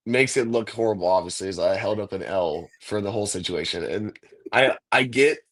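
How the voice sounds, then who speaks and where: A man's voice: on the low side, fairly quick, a bit bright. Laid-back man telling a long story. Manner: laid-back, rambling storyteller, says "like" and "dude" a lot. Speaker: NFL kicker, guest. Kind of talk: casual interview chat.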